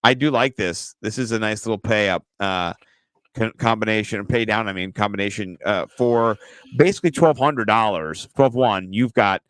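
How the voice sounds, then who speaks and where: A man co-hosting a casual fantasy football show, joking and swearing through lively banter. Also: lowish voice, normal speed, dry recording. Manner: joking, profane, animated banter. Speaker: podcast co-host.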